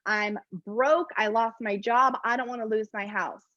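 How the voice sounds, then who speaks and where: A woman's voice: a little high, steady tone, unhurried, pushed and bright, no echo. A woman voicing a broke, desperate man who pleads and whines in prayer for a lottery win, in a dull, dry recording. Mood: pleading. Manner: pleading, whiny.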